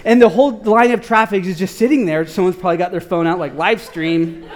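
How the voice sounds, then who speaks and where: Male preacher, high voice, loose and animated, slangy storytelling from the pulpit. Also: fast. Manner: animated, slangy, many "like" fillers. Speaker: pastor. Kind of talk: casual storytelling sermon.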